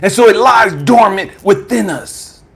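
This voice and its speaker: A man, a spiritual coach, telling an impassioned testimony, swinging from hushed tones to shouting. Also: high-pitched, measured pace, slightly rough.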